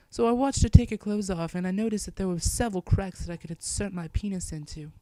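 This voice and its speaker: A young woman telling an improvised crude comic story from her bedroom. She swings between soft mutters and loud squeals. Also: medium pitch, quick pace, hardly any pauses, no room sound. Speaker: comedian.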